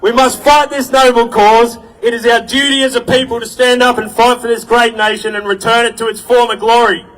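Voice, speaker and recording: A man giving a forceful, rousing speech at an outdoor rally and introducing speakers, shouting at times. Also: extremely high pitch, level tone, brisk, hardly any pauses, far from the mic, rough recording.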